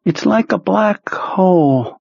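A male audiobook narrator voicing a sick, despairing middle-aged man who speaks in a weak, strained, gasping voice, with a husky tone. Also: high voice, lively intonation, slow, darkish tone, dry recording, voice pushed up, exaggerated voice. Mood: pained, weary. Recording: muffled lo-fi recording.

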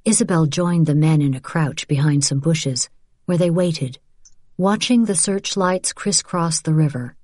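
A woman reading a novel aloud as an audiobook narrator, in even, measured storytelling. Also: sits low, dry recording, studio quality. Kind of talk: scripted narration.

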